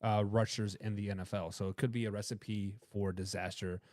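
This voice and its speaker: Joking Boston-accented sports talk host. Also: male voice, lowish voice, little pitch movement, a little mellow, no echo, studio quality. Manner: quick, joking, stumbles over words. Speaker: show host.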